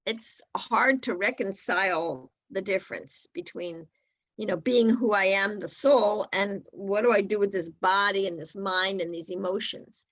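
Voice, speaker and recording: A woman's voice: medium pitch, fairly even intonation, a little slow, fairly bright tone, no echo. A woman speaking as a guest at a webinar, earnest and repeating words as she restarts her sentences. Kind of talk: webinar talk.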